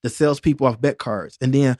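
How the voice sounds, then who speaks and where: Fast-talking, jokey Detroit storyteller man. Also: medium pitch, darkish tone, dry recording, studio quality. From Detroit, USA. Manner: jokey, streetwise, full of "you know what I mean" asides. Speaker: podcast guest, door-to-door salesman. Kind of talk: animated storytelling in casual conversation. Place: podcast studio.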